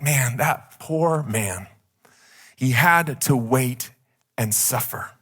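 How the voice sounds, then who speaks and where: A man's voice: on the high side, pushed and bright. A male pastor giving a conversational sermon, often saying "like" as he speaks. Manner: conversational, heavy use of "like".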